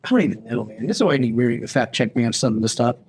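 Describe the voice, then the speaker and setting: Animated storytelling man, co-host. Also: mid-range voice, rapid-fire, breathy edge. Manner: animated, acts out quoted voices, frequent restarts; laughs often while telling stories. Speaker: podcast co-host. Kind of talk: casual storytelling chat.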